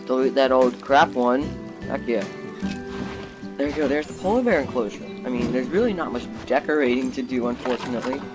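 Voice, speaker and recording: Young male gaming host, easygoing, mid-pitched, talks loosely over clear game music. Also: a little fast. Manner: chatty, rambling, easily excited. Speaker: gaming YouTuber. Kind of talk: casual gameplay commentary.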